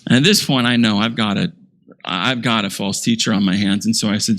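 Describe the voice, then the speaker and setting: A man pastor preaching a sermon, telling a story in an animated way and calling himself a little sarcastic. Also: fairly low pitch, fairly quick, creaky.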